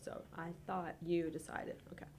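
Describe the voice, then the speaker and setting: A woman who works as a church sign language interpreter, chiming in quietly with brief remarks. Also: on the low side, flat delivery, moderate pace, creaky, a little hiss or hum. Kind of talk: casual radio interview.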